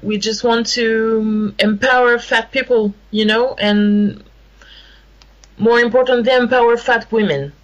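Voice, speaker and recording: A woman with a French accent, a guest in a radio interview, speaking haltingly and searching for words in English. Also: fairly high pitch, steady tone, dull audio. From France. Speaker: guest, activist.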